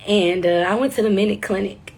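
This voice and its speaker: A woman's voice: mid-range voice, brisk, a little mellow, breathy edge. A young woman in her twenties telling a personal story straight to camera, casual, candid and profane. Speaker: vlogger.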